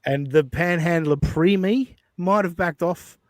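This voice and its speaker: A man hosting a casual commentary show, blunt and profane in his delivery. His voice sits a little high, and the sound is dry and close. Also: measured pace, dry recording. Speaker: podcast host.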